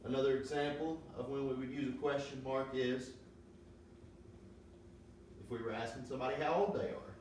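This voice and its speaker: A man giving a grammar lesson, explaining slowly and patiently with many pauses and ums. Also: medium pitch, fairly even intonation, a little mellow. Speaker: teacher. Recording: roomy, distant mic with faint noise.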